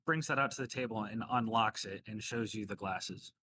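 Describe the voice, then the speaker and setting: A man's voice: on the low side, normal speed, noisy background. A man narrating as game master in a casual tabletop game, talking loosely with many fillers.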